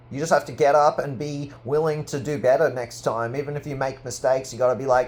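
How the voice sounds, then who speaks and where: A man in a rambling personal monologue to camera, full of "like" fillers, swinging from loud boasting to low murmuring. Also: steady tone, quick pace, hardly any pauses. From Australia. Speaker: artist vlogger.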